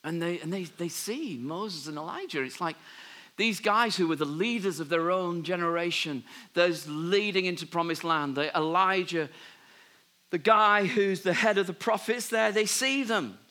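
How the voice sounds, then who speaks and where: Bright-voiced pastor preaching. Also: male voice, high-pitched, moderate pace. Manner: animated storytelling, drops to soft voice for God's words. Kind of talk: sermon.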